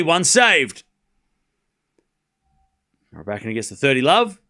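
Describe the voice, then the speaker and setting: A man hosting a live tennis watchalong stream, calling points play by play with casual joking asides and shouting on big moments. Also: a little high, unhurried, long pauses. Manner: excitable, shouts on big points, chatty and joking between rallies.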